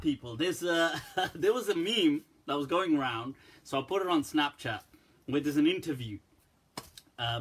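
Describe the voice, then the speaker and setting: Middle-aged male teacher, husky and a bit high-pitched, chatty and mocking, laughs a lot. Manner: laughs often, animated storytelling, mocking tone. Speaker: Islamic teacher answering questions. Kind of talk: casual Q&A talk.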